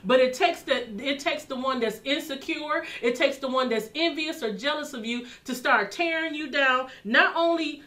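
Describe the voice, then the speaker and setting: A woman minister in full sermon, her voice high and bright. She preaches with passion, circling back over her phrases and building them up as she goes. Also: moderate pace, hardly any pauses.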